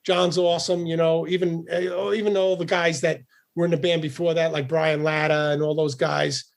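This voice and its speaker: A man's voice: on the high side, little pitch movement, moderate pace, vocal fry. A middle-aged man, a guest musician on a casual podcast interview, talking in a profane, rambling way with frequent repeated words.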